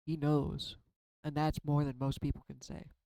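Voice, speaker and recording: Guy doing a chill tarot vlog, mellow flat voice, kinda rambly and self-deprecating, dry close sound. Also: on the high side, normal speed, creaky, no echo, low-quality recording. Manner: tearful at times. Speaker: tarot card reader. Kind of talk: casual spiritual card reading vlog.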